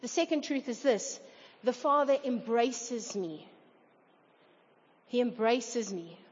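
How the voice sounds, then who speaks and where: High-voiced woman preaching a sermon. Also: animated, slow, slightly rough. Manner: earnest, acts out quoted voices. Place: church hall. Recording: dull reverberant hall recording.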